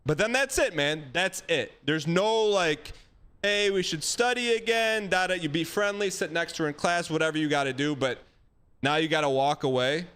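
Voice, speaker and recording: A man's voice: fairly high pitch, normal speed, clear, resonant tone. A man hosting a live stream, giving a caller emphatic, folksy dating advice in a casual chat. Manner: animated, emphatic, folksy with dog metaphors.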